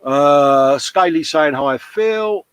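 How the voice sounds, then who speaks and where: A man's voice: on the high side, animated, very slow, smooth, dry recording, low-quality recording. A man co-hosting a hobby livestream, casually chatting and reading out viewer comments, calling everyone mate. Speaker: livestream co-host.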